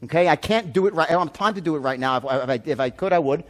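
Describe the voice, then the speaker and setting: A man giving a seminar talk as a sales trainer, telling stories in an animated, profane way. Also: fairly high pitch, very fast.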